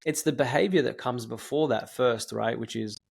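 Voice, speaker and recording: A man in his thirties hosting a podcast, telling stories in a rambling, animated way with lots of fillers. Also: medium pitch, moderate pace, vocal fry, breathy edge. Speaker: podcast host. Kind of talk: casual podcast chat.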